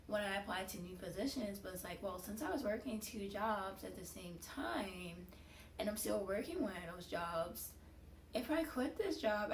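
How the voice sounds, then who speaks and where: Young woman venting in a roomy space. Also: mid-range voice. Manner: candid, frustrated, lots of fillers. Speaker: vlogger. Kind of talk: casual venting monologue. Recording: roomy, distant, faint hiss.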